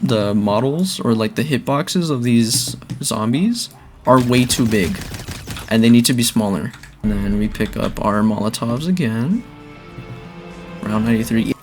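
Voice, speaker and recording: Young guy rambling thru his zombie game, mid-pitched voice, gets loud and hyped sometimes, a bit of music in the back. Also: a little slow. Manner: chatty and rambling, with bursts of excitement. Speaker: gaming video creator. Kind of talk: casual gameplay commentary.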